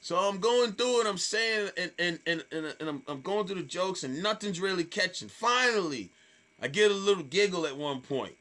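A man in his thirties, a stand-up comedian, telling a story in a casual, animated way, often swearing and repeating words. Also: high voice, normal speed. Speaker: stand-up comedian, podcast guest.

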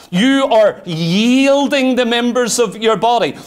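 A man's voice: very high-pitched, expressive, takes it slowly, smooth. A middle-aged man preaching a sermon, fervent, full of rhetorical questions and arguing aloud with himself.

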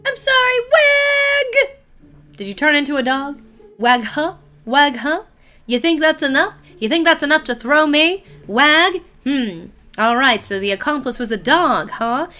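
A woman's voice: high voice, moderate pace, sharp tone, soft background music. A woman streaming a mystery game, chatting with viewers and playing up a theatrical detective act. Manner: playful, theatrical detective banter. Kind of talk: casual game commentary.

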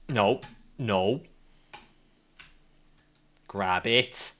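A young man streaming a climbing game, ranting and swinging between mock calm and yelling at his character. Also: lowish voice, drawn-out words, long pauses. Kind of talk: gaming stream commentary.

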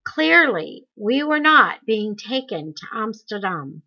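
A woman reading a memoir aloud in slow, deliberate storytelling. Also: mid-range voice, big pitch swings, lo-fi sound. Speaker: audiobook reader.

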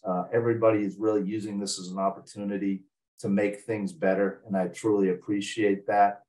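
A man presenting a finance briefing, measured and steady with frequent filler words. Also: on the low side, far from the mic, poor audio. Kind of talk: scripted informational briefing.

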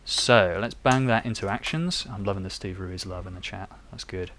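A man's voice: low voice, normal speed, few pauses, sharp tone, slight background noise. A young man chatting and thinking aloud while he codes live on stream. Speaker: developer live-coding on stream. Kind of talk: live coding tutorial.

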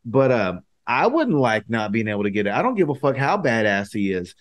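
A man's voice: mid-range voice, big pitch swings, brisk. A man co-hosting a podcast, chatting casually with swearing and teasing jokes. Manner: profane, teasing banter with jokey interjections. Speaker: podcast co-host. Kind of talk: casual chat.

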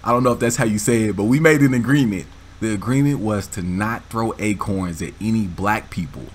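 A man hosting a gaming channel, telling a story in a casual, animated, slangy way with frequent laughs. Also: lowish voice, fairly quick.

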